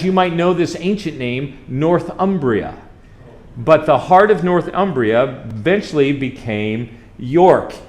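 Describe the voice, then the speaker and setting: Chatty, higher-voiced man. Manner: chatty storytelling, quizzes the audience. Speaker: college chaplain. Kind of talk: slide-show trip presentation.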